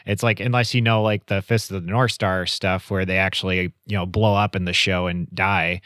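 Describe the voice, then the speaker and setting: A man with a low voice that sounds dry and close, with no room around it. He rambles through his opinions on a podcast, full of "like" and "you know.". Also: level tone, moderate pace, sharp tone, dry recording. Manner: rambling, with many fillers. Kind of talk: casual chat.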